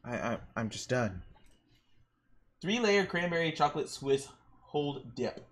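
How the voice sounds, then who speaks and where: A young man streaming while he draws, rambling through excitable stories and exclamations. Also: medium pitch, unhurried. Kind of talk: casual chat while drawing on stream.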